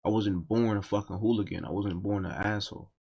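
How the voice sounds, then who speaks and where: A man's voice: lowish voice, fairly even intonation, a little fast, darkish tone, slightly rough, highs cut off. A man telling a personal story in a casual, profane and emphatic storytime monologue.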